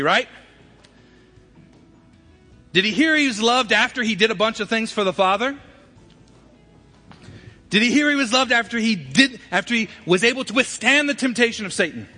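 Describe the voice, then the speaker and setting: Bright-voiced preacher man. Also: high-pitched, lively intonation, normal speed, long pauses, faint music behind. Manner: emphatic preacher, swings from loud to quiet. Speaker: pastor. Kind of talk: sermon. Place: church sanctuary.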